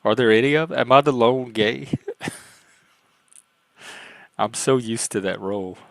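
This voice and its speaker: Male stream host, casual and rambling, light youthful voice, mid pitch, dry close sound. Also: measured pace, gravelly, dry recording. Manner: rambling, self-mocking, laughs often. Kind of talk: casual chat.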